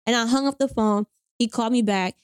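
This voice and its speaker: A young woman telling a personal story in casual chat, animated, acting out both sides of the conversation with slang. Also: fairly high pitch, fairly quick, smooth, no echo, studio quality. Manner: animated retelling with quoted voices and slang. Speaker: storyteller guest.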